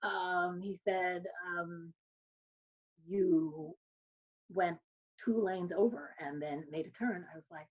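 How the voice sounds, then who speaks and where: A woman's voice: lowish voice, slow pace, darkish tone, breathy edge, lo-fi sound. A woman in her sixties, a social worker giving a talk, telling a personal story and acting out the dialogue. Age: 60s. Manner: storytelling, acts out quoted exchanges.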